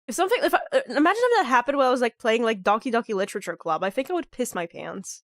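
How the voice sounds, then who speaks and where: A woman with a fairly high voice chats casually with her live-stream audience while playing, rambling rapid-fire and animatedly with lots of fillers. She's sick, so she sounds nasal and stuffed up from a clogged nose. The audio is dry, with no room sound at all.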